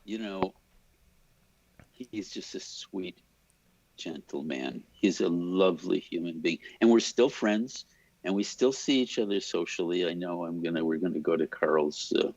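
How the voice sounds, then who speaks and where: A man's voice: sits low, unhurried, dry recording. An older man, a cinematographer, telling stories in an interview and acting out the people he quotes. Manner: animated storyteller, imitates voices in quotes. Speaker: cinematographer guest. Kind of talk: storytelling in an interview. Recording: dull lo-fi sound.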